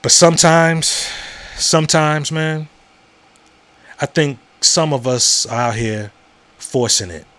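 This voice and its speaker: A man's voice: a little high, slow, pauses often, a bit bright. Male podcast host, casual monologue, blunt and repetitive, conversational. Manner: conversational, repeats words and asks "you know what I'm saying?"; frank and profane.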